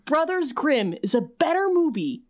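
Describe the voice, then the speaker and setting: A woman's voice: high-pitched, big pitch swings, normal speed, a crowd in the background. Playful, teasing woman co-hosting a podcast. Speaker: podcast co-host. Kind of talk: casual chat.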